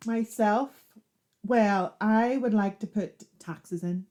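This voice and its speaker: A woman's voice: medium pitch, slow, a little mellow. A woman in her fifties chatting casually as a podcast co-host. She speaks in a dry, matter-of-fact way and turns playfully dramatic now and then. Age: 50s. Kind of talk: casual chat.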